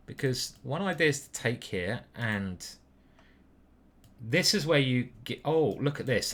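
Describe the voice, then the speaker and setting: A young British man commentating on his own online chess games, playful and profane, switching between loud whoops and muttered asides. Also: medium pitch. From Britain. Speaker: chess grandmaster streamer.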